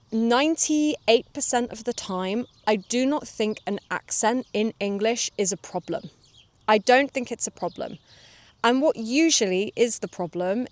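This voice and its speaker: A woman hosting a relaxed English-learning podcast, explaining things calmly and drawing out her vowels. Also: medium pitch, no echo. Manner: calm, explanatory, draws out vowels. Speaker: English teacher and podcast host.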